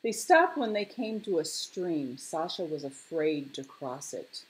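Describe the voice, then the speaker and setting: A woman reading a children's picture book aloud, expressive and measured. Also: low voice. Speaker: storyteller.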